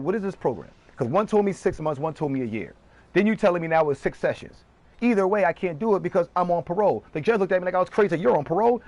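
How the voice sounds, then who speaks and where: A man streaming live, ranting heatedly and profanely in quick bursts. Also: fairly high pitch.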